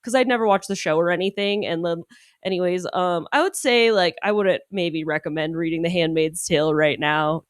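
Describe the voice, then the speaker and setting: A woman's voice: lowish voice, a little fast, no echo, clean studio sound. A woman hosting a podcast, chatting casually as a climbing coach, swearing freely and trailing off mid-thought. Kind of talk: casual chat. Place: podcast studio.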